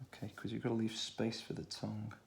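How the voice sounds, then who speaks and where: A man with a Stoke-on-Trent accent, talking through a children's drawing tutorial in a relaxed way, thinking aloud as he draws. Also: fairly low pitch, quick pace, vocal fry, slight background noise. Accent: Stoke-on-Trent English. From England. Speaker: art tutor.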